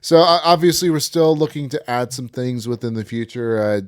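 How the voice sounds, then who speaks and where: A man's voice: mid-range voice, moderate pace, clean tone, no room sound, clean studio sound. A man hosting a casual podcast, wrapping up in an easygoing way with lots of filler words. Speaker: podcast host.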